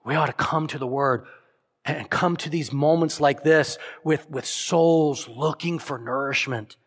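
Male pastor, slightly high voice, emphatic sermon delivery, long church reverb. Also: a little slow. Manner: emphatic, voices imagined prayers, drops to soft solemn lines.

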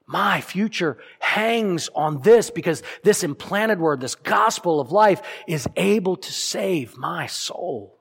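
Pastor preaching in a reverberant hall. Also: male voice, high-pitched, animated, slow, creaky, few pauses, breathy edge. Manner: emphatic, voices imagined prayers, drops to soft solemn lines. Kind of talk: sermon.

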